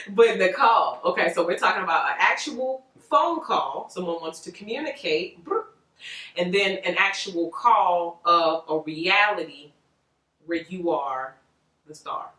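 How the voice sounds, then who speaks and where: A woman giving a casual tarot reading to viewers, animated and rambling, with frequent laughs. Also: lowish voice, takes it slowly, distant mic. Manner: animated, chatty, loose and rambling, laughs often. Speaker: tarot reader. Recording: roomy echo, voice off-mic.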